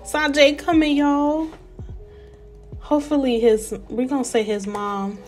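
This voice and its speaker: A young woman giving casual, animated let's-play commentary and talking straight to her viewers. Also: sits high, unhurried, soft background music. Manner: chatty, animated, talks to viewers as y'all. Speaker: gameplay narrator.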